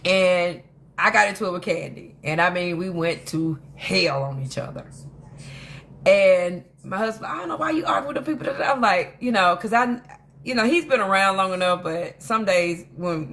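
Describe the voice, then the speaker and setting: A woman hosting a casual commentary monologue, telling stories in an animated, emphatic way that rambles with frequent restarts. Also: fairly low pitch, normal speed. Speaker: host of a drama commentary channel.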